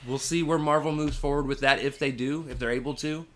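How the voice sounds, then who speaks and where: A man's voice: a little high, steady tone, fairly quick, fairly bright tone. A man co-hosting a podcast in casual chat, blunt and opinionated, swearing now and then. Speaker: podcast co-host.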